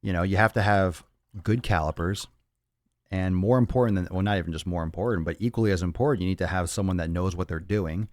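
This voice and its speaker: A deep-voiced man with a darkish tone talks fast while answering viewer questions on his casual fitness podcast livestream. He's blunt and profane, repeating himself and rambling, and the clean studio sound has no echo.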